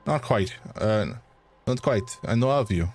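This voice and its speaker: A man's voice: on the low side, expressive. A man putting on a suave French academic. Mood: measured. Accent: put-on French. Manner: measured, courteous, slightly haughty. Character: suave French male academic, debunker of frauds.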